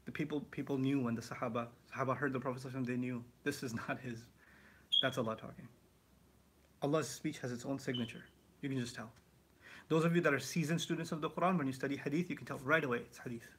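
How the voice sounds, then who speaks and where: A man teaching the Quran in a live question-and-answer session, explaining with lively asides and rhetorical questions. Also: medium pitch, quick pace, background noise. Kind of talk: live Q&A lesson.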